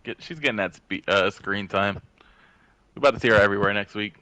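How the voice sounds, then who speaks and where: A man co-commentating a fighting game tournament with relaxed, joking play-by-play. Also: lowish voice, brisk, dry recording, rough recording. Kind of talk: casual gaming commentary.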